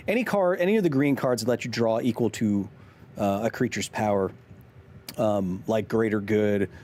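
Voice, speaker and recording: A man's voice: fairly low pitch, darkish tone, a little hiss or hum. A man in his thirties hosting a casual live stream, joking while reading chat aloud. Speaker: streamer and host.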